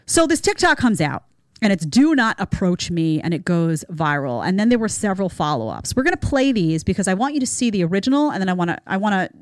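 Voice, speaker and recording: A woman hosting a talk show, giving casual commentary in a chatty, animated way and acting out quotes. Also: fairly low pitch, dry recording, clean studio sound. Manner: animated, acts out quotes with put-on voices; lively, chatty. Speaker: show host.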